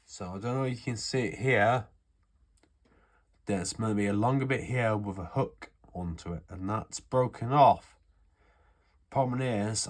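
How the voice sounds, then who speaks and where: Man, low voice, casual how-to chat, rambling and sweary. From United Kingdom. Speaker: airsoft hobbyist showing a repair.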